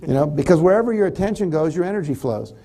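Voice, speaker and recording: A man's voice: on the high side, quick pace. A man giving a live motivational seminar, talking to the audience and acting out the thoughts people have. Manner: animated, acts out quoted thoughts. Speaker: motivational speaker.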